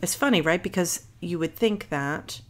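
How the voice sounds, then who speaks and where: A woman with a somewhat low voice co-hosts a podcast. She explains things at length in a casual, digressive way and reads passages aloud. She stops now and then to correct herself. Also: normal speed. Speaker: podcast co-host. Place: Philadelphia area.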